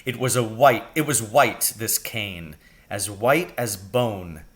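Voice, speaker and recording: A man, a teacher, reading a storybook aloud in a slow, expressive way. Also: on the low side.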